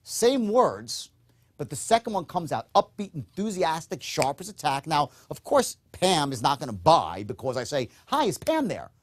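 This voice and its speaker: A man teaching a recorded sales course, speaking emphatically and often checking in with a quick "okay?". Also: on the high side, sing-song. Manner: acts out upbeat and dull tones in demonstrations. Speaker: sales trainer.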